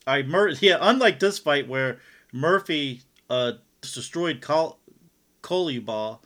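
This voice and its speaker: Easygoing male co-host, steady recap delivery, a bit high-pitched. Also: takes it slowly. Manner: laid-back, laughs along, rundown of the fights. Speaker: podcast co-host. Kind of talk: casual fight recap chat.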